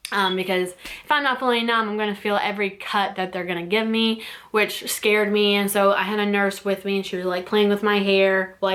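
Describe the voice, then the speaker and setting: A woman's voice: mid-range voice, a bit bright. Emotional young woman telling her birth story. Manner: emotional, rambling with many fillers and restarts. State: teary, close to crying. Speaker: vlogger. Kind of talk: casual personal storytelling.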